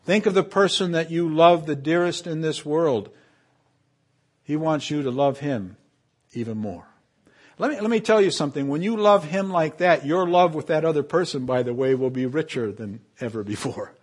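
Emphatic preaching man, lively delivery. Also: fairly high pitch, moderate pace. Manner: emphatic preaching, swelling loud on key phrases and dropping to asides; leads congregation in call and response. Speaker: pastor. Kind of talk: sermon.

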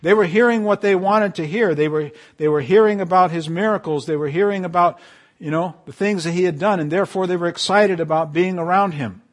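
A man preaching a sermon to his congregation, quoting scripture with emphatic swells and quiet drops. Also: high voice, fairly quick. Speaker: pastor.

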